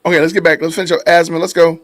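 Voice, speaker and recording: A man hosting a podcast livestream, reacting to clips and thanking viewers in animated, casual talk. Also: on the high side, very fast, no echo. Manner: animated, addresses chat casually. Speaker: podcast host. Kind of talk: livestream commentary.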